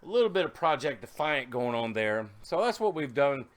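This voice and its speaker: A man chatting casually in a vlog, rambling and animated, telling stories with laughs as he shows his work. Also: mid-range voice, moderate pace. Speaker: vlogger.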